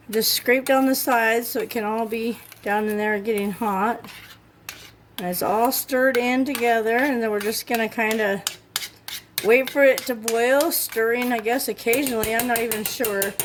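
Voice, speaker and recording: A woman's voice: on the high side, slight background noise. A woman chatting casually in her home kitchen while cooking, thinking aloud and getting easily exasperated. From Utah. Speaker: cooking vlogger.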